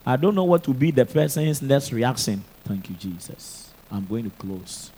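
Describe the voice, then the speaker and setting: A Ghanaian man in his thirties, a pastor preaching an animated sermon. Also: medium pitch, normal speed. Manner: animated preaching mixing English and Twi.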